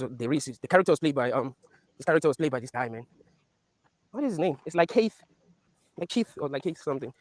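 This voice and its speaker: Fast-talking, animated man, dry close sound. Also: mid-range voice, dry recording. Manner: animated, profane, laughs while recapping scenes. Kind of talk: casual rant.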